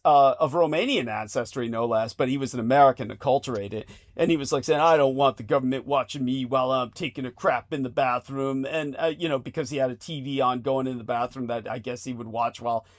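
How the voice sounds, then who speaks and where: A man hosting a casual podcast chat, laughing often and talking in excited bursts. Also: medium pitch, no room sound, studio quality. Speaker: host.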